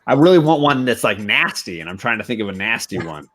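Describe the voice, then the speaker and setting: A man's voice: lowish voice, big pitch swings, fast talker, a crowd in the background. A man on a casual live stream, telling a joke in a hesitant way with many fillers. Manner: hesitant, lots of uh. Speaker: stream guest.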